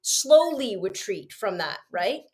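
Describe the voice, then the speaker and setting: A woman's voice: medium pitch, big pitch swings, takes it slowly. A woman podcast host telling a long story in casual chat, rambling with frequent restarts.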